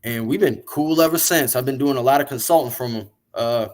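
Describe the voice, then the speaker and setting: A man being interviewed, telling long, animated, profane stories about the music business in a casual way. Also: medium pitch, a little fast. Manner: animated, profane, rambling storyteller. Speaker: interview guest, music industry figure.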